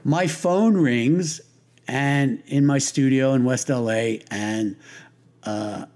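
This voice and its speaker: Slow and a little mellow, this older man's mid-range voice carries loose, rambling anecdotes as an interview guest. He's a lighting designer, and his casual storytelling comes with fillers, restarts, and wisecracks.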